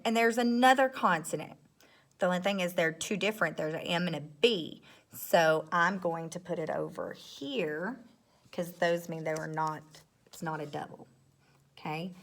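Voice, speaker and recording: A woman teacher walking young students through a phonics lesson step by step, patient and clear, often checking in with "okay?". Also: on the low side, fairly bright tone. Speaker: third grade teacher. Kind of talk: recorded classroom phonics lesson.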